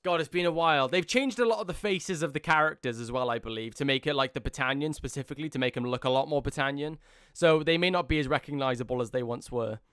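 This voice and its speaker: A man's voice: on the high side, fast talker, smooth, no room sound, clean studio sound. Rambling man narrating his gameplay. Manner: rambling, filler-heavy, easily excited. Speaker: gaming video host. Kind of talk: casual let's-play commentary.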